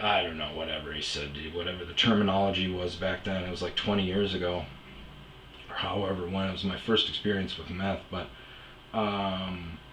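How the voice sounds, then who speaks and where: A podcast host from the Omaha area rambles through profane stories in a casual monologue packed with fillers and asides. His voice sits low with a fairly bright tone, and the low-quality recording is reverberant with a little hiss or hum.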